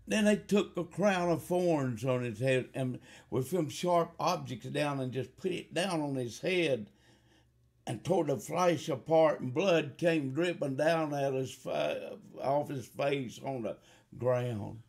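A gravelly-voiced man delivers a fiery revival sermon. He speaks slowly and deliberately, then rises to loud, impassioned appeals. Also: a little high. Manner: slow, building to shouted fervor. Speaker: preacher.

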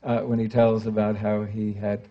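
An older American man reading verse translations aloud in a grave, measured way that sinks to a hush, then chatting with the audience with many fillers. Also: lowish voice, monotone, lo-fi sound. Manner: chatty and hesitant with many fillers when speaking off the page. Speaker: literary translator giving a public reading. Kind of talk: poetry reading and audience talk. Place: public lecture event before an audience.

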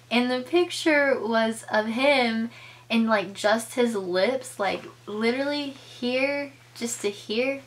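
A young woman telling a casual storytime on her vlog, chatty, full of filler words, and acting out the lines she quotes. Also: takes it slowly. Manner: chatty, filler-heavy, acts out quoted lines with big pitch jumps. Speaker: vlogger.

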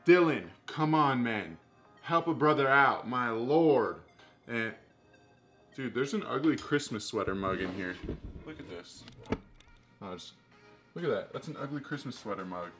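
A man's voice: mid-range voice, animated, measured pace, pauses often, a bit bright, faint music behind. A man in his twenties chatting casually to camera as a vlogger, playfully overdramatic and jokey. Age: 20s. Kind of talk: casual vlog chat to camera.

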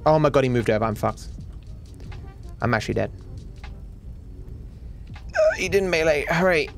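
A man's voice: a little high, animated, normal speed, soft background music. An Australian man giving live video game commentary, talking anxiously and stammering with repeated words. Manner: anxious, stammering, swings into panicked outbursts.

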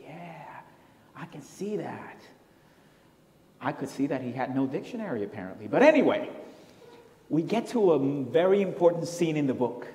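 A man from Rico, a Spanish speaker telling stories on stage with wry asides. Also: mid-range voice. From Puerto Rico. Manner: animated storytelling with wry asides. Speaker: professor and solo performer. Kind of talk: one-man stage storytelling. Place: large hall on stage. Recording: echoey hall, live stage.

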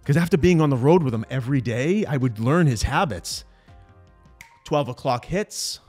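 A man's voice: medium pitch, normal speed, breathy edge, soft background music. A man in his forties co-hosting a podcast, telling a story in casual chat and acting out the people he quotes. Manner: animated storyteller, acts out quotes. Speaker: podcast co-host.

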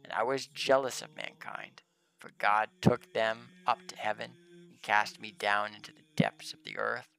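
A man's voice: fairly low pitch, expressive, normal speed, gravelly, sharp tone, full character voice. A man voicing a fallen male demon spirit, reading his boastful speech in solemn archaic English. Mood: defiant.

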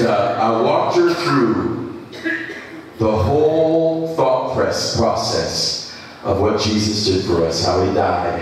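A pastor telling a rambling sermon story with many restarts. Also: male voice, on the low side, a little hiss or hum. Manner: rambling anecdotal delivery with restarts. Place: church. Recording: echoey church hall from a distance.

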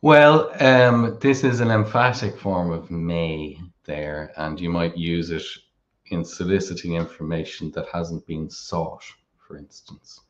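An Irish man with a very low voice works through grammar examples in a calm, measured way. The recording sounds a little dull and muffled. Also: roomy sound. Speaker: Irish language teacher. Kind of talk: explaining grammar in a relaxed two-person lesson.

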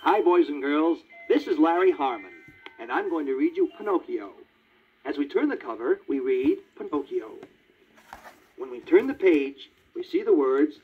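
A man narrating a read-along children's storybook in a lively, child-friendly way. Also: a little high, moderate pace, breathy edge, faint music behind. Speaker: storybook reader. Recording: tinny 1950s vinyl record.

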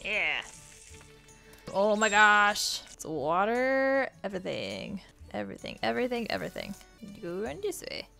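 A woman hosting a casual let's-play, chatty and excitable, gasping and reacting aloud as she plays. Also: mid-range voice, measured pace, vocal fry, soft background music. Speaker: gaming channel host.

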